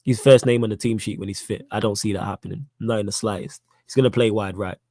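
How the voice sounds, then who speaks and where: A man's voice: fairly low pitch, fairly even intonation, quick pace, dark tone, dry recording. A young man hosting a live football podcast, reading chat questions in a slangy, emphatic way and repeating his points. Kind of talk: casual live-stream chat.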